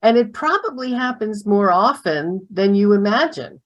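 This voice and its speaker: A woman's voice: mid-range voice, lively intonation, normal speed, dull audio. A woman co-hosting a casual chat, telling stories and laughing often. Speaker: co-founder and co-host.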